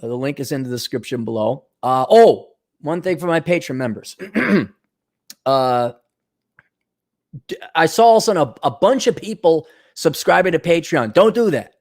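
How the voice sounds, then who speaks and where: A blunt, sarcastic man from the Milwaukee area rants straight to camera in a casual vlog. His voice sits a little high for a man. He jumps between jokes, complaints and asides. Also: sing-song, normal speed. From Milwaukee area, USA. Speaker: vlogger. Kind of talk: casual ranting monologue.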